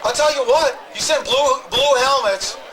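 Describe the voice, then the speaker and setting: High-voiced emphatic male talk host. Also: normal speed, rough recording. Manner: emphatic, rambling, repeats "okay?". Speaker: talk show host interviewing protesters. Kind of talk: open-mic crowd address. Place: outdoor protest crowd. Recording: loud crowd outdoors.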